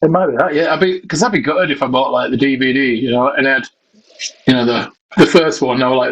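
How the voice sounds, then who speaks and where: A man's voice: mid-range voice, fairly even intonation, quick pace, fairly bright tone, slightly rough, rough recording. A young man with a Yorkshire accent, co-hosting a laid-back casual chat. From Yorkshire, England. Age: young adult. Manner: laid-back, agreeable, loose chatty. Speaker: podcast co-host.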